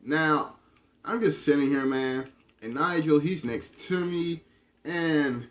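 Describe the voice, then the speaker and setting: A man telling a storytime tale in a casual, animated way, filling pauses with "man.". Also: on the high side. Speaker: vlogger. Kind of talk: storytime vlog.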